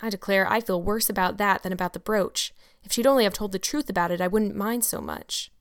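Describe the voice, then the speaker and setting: A woman's voice: medium pitch, fairly quick, close to an everyday voice. A woman reading aloud and voicing a stern, strict older spinster in a storybook. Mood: troubled. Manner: stern, sharp.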